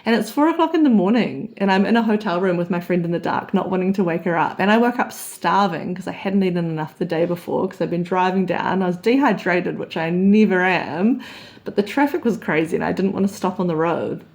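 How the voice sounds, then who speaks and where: A woman's voice: fairly low pitch, brisk, creaky. A woman, telling a personal story as an open, reflective vlog monologue. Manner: open, confessional storytelling with soft laughs. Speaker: vlogger.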